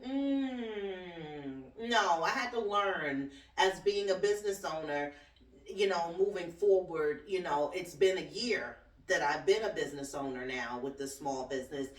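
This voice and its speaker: A woman hosting her own talk show, ranting bluntly and sassily with plenty of swearing and laughter. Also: mid-range voice. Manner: blunt, profane, sassy, laughs often. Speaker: podcast host and cleaning business owner. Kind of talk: casual solo talk-show rant. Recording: roomy echo, distant from the mic.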